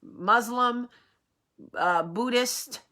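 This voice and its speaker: A woman hosting a casual vlog, talking to camera in a rambling, animated way, with a sore, swollen face after dental work. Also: on the high side, very slow. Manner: chatty, rambling, animated asides. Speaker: vlog host.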